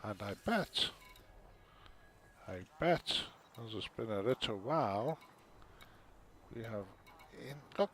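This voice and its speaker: A gaming streamer plays a space trading game, chatting casually and muttering to himself. His fairly low, slightly bright voice is animated yet slow with frequent pauses, and there's a little hiss or hum.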